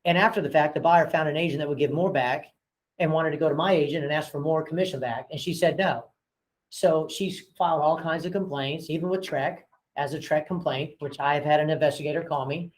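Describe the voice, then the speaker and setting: A real estate broker and owner runs a casual training session for his agents, telling frank work stories and acting out phone calls in different voices. His voice sits on the high side, with a steady tone and a fairly quick pace, and the recording is rough. He's chatty and uses lots of fillers.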